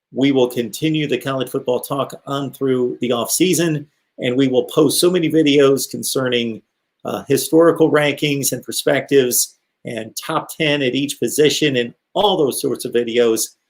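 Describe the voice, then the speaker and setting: A middle-aged man from the American Midwest hosting a live call-in show, chatting casually and rambling as he reads out chat comments. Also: medium pitch. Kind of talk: casual live-stream talk.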